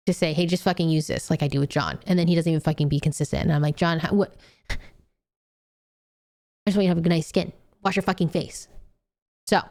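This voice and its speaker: Young woman streamer, smooth clear voice, blunt and sweary, scolds with a grin. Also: lowish voice. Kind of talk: casual chat with viewers.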